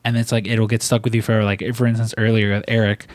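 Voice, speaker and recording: A man's voice: lowish voice, flat delivery, fast, dry recording. A man chatting casually on a podcast, rambling with many fillers and restarts. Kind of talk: casual chat.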